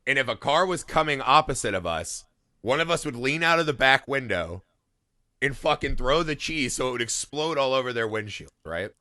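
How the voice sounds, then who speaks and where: A man in his thirties from Indiana, co-hosting a podcast and telling a story in animated, profane casual chat. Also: mid-range voice, moderate pace, no echo, clean studio sound. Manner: animated storytelling, heavy swearing, laughing. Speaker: podcast co-host.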